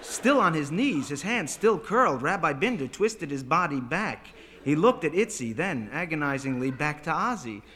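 A man narrating a story aloud with animated, dramatic delivery. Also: a little high, moderate pace. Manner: animated, voices characters.

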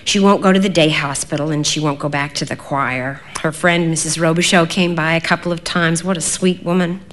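A woman voicing a worried middle-aged father who speaks quietly and haltingly, apologizing as he goes. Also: on the low side, close to an everyday voice. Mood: weary.

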